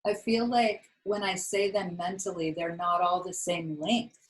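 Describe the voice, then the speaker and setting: A woman's voice: on the low side, fairly even intonation, measured pace, poor audio. A woman yoga teacher talking her class through a practice in a chatty, rambling way with lots of fillers. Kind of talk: casual yoga class talk.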